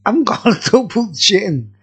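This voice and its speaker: A man's voice: high voice, big pitch swings, moderate pace, fairly bright tone, slightly rough. A middle-aged man reviewing beer in a tipsy, jokey, rambling vlog chat, laughing often.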